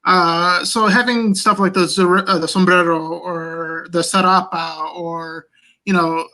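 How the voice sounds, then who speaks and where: A man's voice: sits high, a little slow. Man rambling on a video panel. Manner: relaxed, rambling with fillers. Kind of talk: panel discussion over video call. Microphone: video call.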